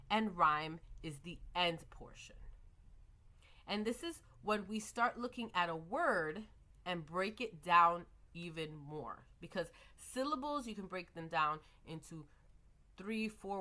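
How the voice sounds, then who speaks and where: Bright-voiced woman explaining reading skills. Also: lowish voice. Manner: methodical, models child-directed prompts and clapping. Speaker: teacher educator. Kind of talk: explanatory lecture with modeled classroom prompts.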